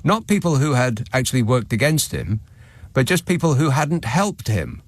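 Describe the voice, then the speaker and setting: A man hosting a radio phone-in, his delivery sardonic and laced with chuckles as he reads listeners' messages aloud. His pitch moves a lot, rising and falling for emphasis. He speaks close to a studio mic in a dry, dead room. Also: big pitch swings, moderate pace, no room sound. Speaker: radio talk show host. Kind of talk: late-night radio phone-in monologue. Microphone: studio microphone.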